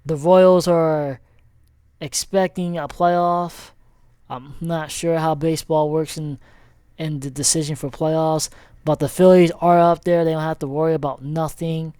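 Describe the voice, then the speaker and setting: Slow, rambling man recapping sports. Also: on the high side, fairly even intonation, dark tone, clear, resonant tone, no room sound, studio quality. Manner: rambling, many fillers and self-corrections. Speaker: sports vlogger. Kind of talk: casual sports recap over a shared screen.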